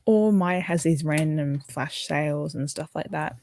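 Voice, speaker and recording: In a low, darkish voice and an unhurried manner, a young Australian woman who sounds tired runs an early-morning livestream. She rambles casually, fielding viewer comments while building.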